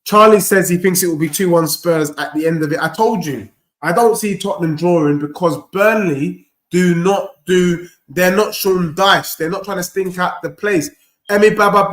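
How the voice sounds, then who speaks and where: Slangy fan reacting live. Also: male voice, fairly high pitch, echoey room. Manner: animated, slangy banter reacting to play. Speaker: fan channel host. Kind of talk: live football watchalong commentary.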